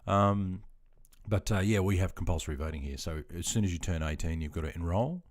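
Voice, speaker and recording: A man in his fifties with an Australian accent, hosting a livestream and chatting casually with viewers. He is relaxed and self-deprecating, and he keeps calling people mate. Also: deep voice, fairly quick. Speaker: livestream host. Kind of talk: casual livestream chat answering viewer comments.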